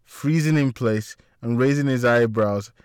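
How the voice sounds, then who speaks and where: A man narrating an audiobook chapter in a steady, plain storytelling voice. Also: mid-range voice, unhurried, smooth, no echo, studio quality.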